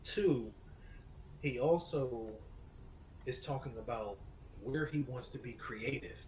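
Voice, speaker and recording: A man's voice: medium pitch, darkish tone, a little hiss or hum, poor audio. Man in casual sports chat, hesitant. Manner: measured, hesitant with ums. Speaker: podcast co-host.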